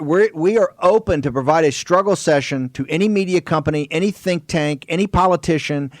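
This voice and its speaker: A man hosting a political talk radio show, forceful and quick to cut in on his guests. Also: a little high, dry recording, clean studio sound. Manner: forceful, interrupts guests, rapid asides. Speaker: host.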